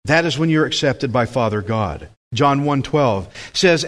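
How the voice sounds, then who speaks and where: A man's voice: mid-range voice, animated, a little slow, a bit bright. A man preaching a sermon with emphatic delivery, putting questions to the congregation.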